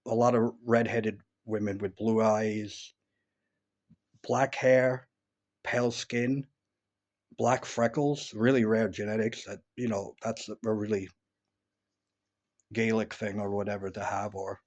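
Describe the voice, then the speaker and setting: Speaking slowly with long pauses, a man from upstate New York in the USA reminisces indoors at home in a casual monologue for his vlog. His voice is fairly low, level and a little mellow, and he rambles with many false starts and fillers.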